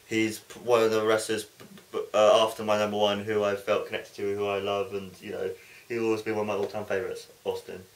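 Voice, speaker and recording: A man's voice: lowish voice, monotone, fast. A young man co-hosting a casual chat, earnest and enthusiastic. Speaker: co-host. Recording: echoey room, far from the mic.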